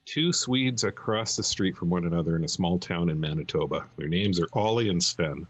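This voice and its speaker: Male podcast co-host, husky low voice, casual joke teller. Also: no echo. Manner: storytelling, halting restarts. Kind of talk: casual joke-telling chat.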